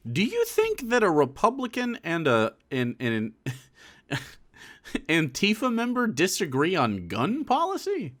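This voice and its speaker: A man's voice: sits high, wildly swooping pitch, unhurried. A young man reacting to a video on stream, with casual, profane commentary and laughing asides.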